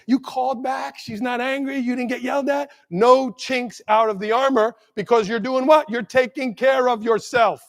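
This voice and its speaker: A man giving an energetic motivational keynote to school administrators, acting out quick exchanges with staff and parents. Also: very high-pitched. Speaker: keynote speaker. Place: large conference hall. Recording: long hall reverb.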